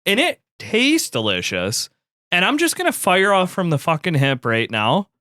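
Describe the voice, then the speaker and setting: A man co-hosting a casual podcast, loose and joking, who swears freely and drops deadpan jokes. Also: high voice, normal speed, no echo, clean studio sound. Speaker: podcast co-host. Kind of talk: casual chat.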